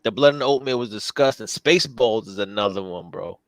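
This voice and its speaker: A man in casual chat, profane and excitable, repeating himself, his voice jumping up when he gets worked up. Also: fairly low pitch, a little fast, no room sound.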